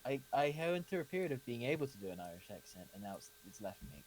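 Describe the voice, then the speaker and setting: A man's voice: medium pitch, fast, a little hiss or hum, poor audio. A man co-hosting a casual chat, joking and teasing himself. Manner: lively, self-mocking, jokey. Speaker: podcast co-host and editor.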